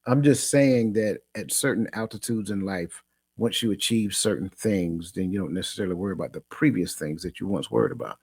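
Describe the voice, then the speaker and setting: A man with a fairly low voice hosts a coaching talk show, animated and a bit preachy. He repeats himself as he works up to a point and laughs easily. The sound is dry and close. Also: fairly quick, creaky, breathy edge, no echo. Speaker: podcast host. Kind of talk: casual chat.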